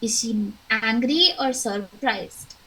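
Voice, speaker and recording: A young woman with an Indian English accent leads an online English lesson. Her voice sits high and bright, and she takes her time, spelling things out clearly. She encourages her pupils and acts out her examples. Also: poor audio. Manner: slow, clear, encouraging teacher talk with acted examples. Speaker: English teacher. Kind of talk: online class teaching.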